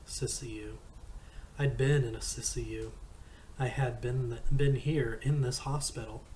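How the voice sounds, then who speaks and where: A man reading a novel aloud in a slow, measured first-person narration. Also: medium pitch, darkish tone, slight background noise, poor audio. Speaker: audiobook reader.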